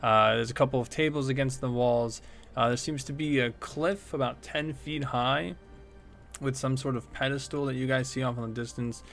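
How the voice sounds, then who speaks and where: A man running a tabletop game as game master, describing scenes in a halting way with many fillers. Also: mid-range voice, fairly even intonation, gravelly, a bit bright, faint music behind.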